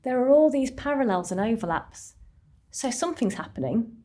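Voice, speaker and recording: A woman therapist gives a talk to a group. She tells her stories in an earnest way. Her voice sits a little high. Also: big pitch swings, moderate pace, warm tone. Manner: earnest storytelling, slightly higher pitch.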